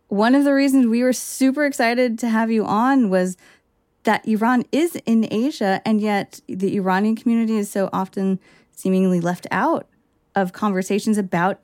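A woman hosting a podcast, asking thoughtful, measured interview questions. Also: medium pitch, darkish tone, no echo, clean studio sound. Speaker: podcast host.

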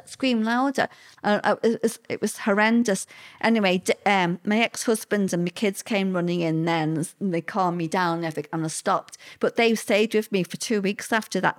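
A middle-aged woman talks through painful memories in a halting way, stopping often to restart her sentences. Her voice sits in an ordinary middle pitch. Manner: halting, hesitant, with many fillers and restarts. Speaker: interviewee. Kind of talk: personal testimony in conversation.

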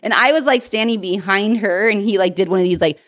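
Her mid-range voice moves briskly as this podcast co-host in her thirties animatedly recounts a bar story during casual chat. She fills it with "like" and some swearing, recorded in studio quality with no room sound.

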